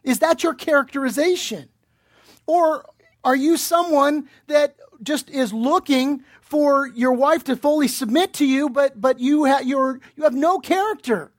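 A man's voice: very high voice, measured pace. A man preaching a sermon as pastor, earnest and direct, putting pointed questions to his listeners and often restarting his words. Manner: earnest, repeats himself while searching for words, asks pointed questions.

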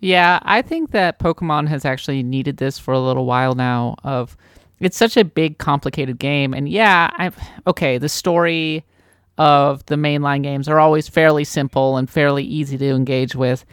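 A woman's voice: low-pitched, moderate pace, clean tone, dry recording, studio quality. A woman from the US Midwest co-hosting a gaming podcast, chatty, enthusiastic and self-deprecating in casual conversation. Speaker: podcast co-host.

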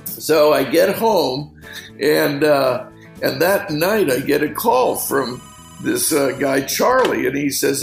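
A middle-aged man with a gravelly edge, spinning loose fishing stories in a relaxed interview. He wanders through his anecdotes, peppering them with "you know", and the room around him rings with echo. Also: a little high, takes it slowly, faint music behind. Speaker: fishing guide. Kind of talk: casual storytelling interview.

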